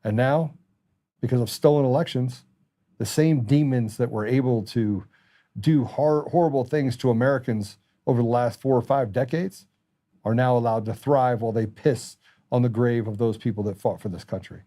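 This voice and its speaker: Middle-aged male host, mellow dark tone, furious impassioned monologue. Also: mid-range voice, moderate pace. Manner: angry, impassioned ranting. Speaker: talk show host. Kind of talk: political commentary monologue.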